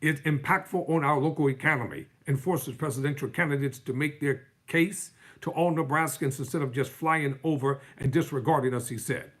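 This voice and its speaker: Husky man reading news with fiery commentary. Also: on the high side, normal speed, few pauses, fairly bright tone. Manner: fiery, sarcastic, mocking. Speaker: live-stream host. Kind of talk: reading news articles aloud with heated commentary.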